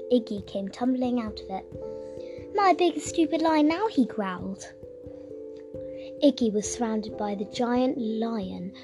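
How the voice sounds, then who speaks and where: A woman narrating a children's audiobook in a playful, expressive way. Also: fairly high pitch. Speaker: storyteller. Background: music.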